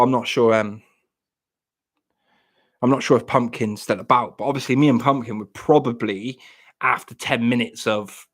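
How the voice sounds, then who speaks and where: A man from Plymouth with a broad Janner accent, rambling and joking in casual livestream chat. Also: medium pitch. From Plymouth, England. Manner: rambling, jokey, self-mocking. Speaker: livestream host.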